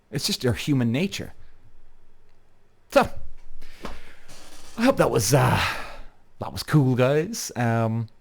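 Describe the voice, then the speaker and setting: Male podcast host, mid-pitched voice, loose rambling storyteller who swears. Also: darkish tone. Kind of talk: casual monologue.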